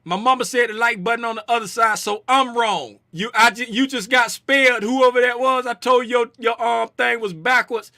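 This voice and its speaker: A man runs a casual livestream, joking and calling out viewers in the chat by name. His voice sits high and sounds very bright and forceful. The sound is dry, with no room echo. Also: steady tone, moderate pace, few pauses. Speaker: livestream host and trading educator.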